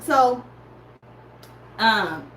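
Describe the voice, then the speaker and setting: Animated woman telling stories to listeners. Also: fairly high pitch, very slow. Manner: animated storytelling, addresses listeners as y'all. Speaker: podcaster reviewing a music battle. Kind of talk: casual chat. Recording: echoey room with faint background noise.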